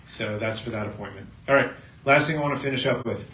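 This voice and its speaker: A middle-aged man, a chiropractor, speaking to a live seminar audience and telling a patient story with lively storytelling. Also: mid-range voice, fast. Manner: storytelling, acting out both sides of a patient story, animated. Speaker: chiropractor giving a health seminar. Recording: echoey room, mic at a distance, faint noise.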